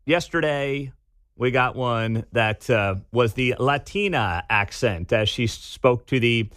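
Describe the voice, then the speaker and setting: A man hosting a talk radio show, giving animated, sarcastic commentary from a studio. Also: mid-range voice, takes it slowly, no room sound.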